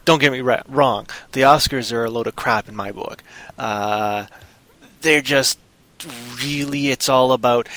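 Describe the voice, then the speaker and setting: A man's voice: mid-range voice, measured pace, fairly bright tone. A man in casual chat as a podcast co-host, rambling and joking, often slipping into silly put-on voices.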